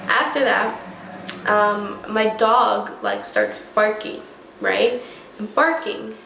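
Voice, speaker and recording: A young woman vlogger telling a story casually and excitably, full of "like" and "oh my gosh". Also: medium pitch, slow pace, gravelly, a little hiss or hum. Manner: excitable, many fillers like "like" and "oh my gosh". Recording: echoey room.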